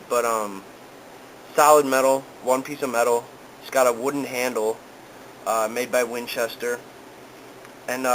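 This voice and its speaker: A man's voice: medium pitch, a bit bright, slight background noise, rough recording. A young man casually talking to camera in a vlog, easygoing and rambling with lots of ums and uhs. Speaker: vlogger. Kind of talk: casual product talk to camera.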